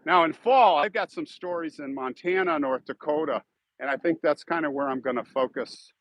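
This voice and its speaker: Chatty Chicago man, slightly high voice. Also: moderate pace, fairly bright tone, dry recording, low-quality recording. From Chicago, United States. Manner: rambling and chatty, thanks donors. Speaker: YouTube host on a live stream. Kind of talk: casual live-stream chat.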